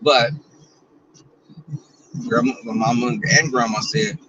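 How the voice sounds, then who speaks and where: A man's voice: mid-range voice, fairly even intonation, unhurried, pauses often, recorded from a distance, background noise. A man, chatting casually and bawdily to viewers while he drives. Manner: chatty, bawdy and playful, talks to viewers and reads out their comments. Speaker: vlogger. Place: in a car.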